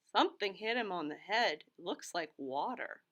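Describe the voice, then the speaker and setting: A female teacher joining a children's read-aloud, bright and playful, asking questions the way a curious pupil would. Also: medium pitch, expressive, normal speed, muffled recording. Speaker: teacher, guest reader.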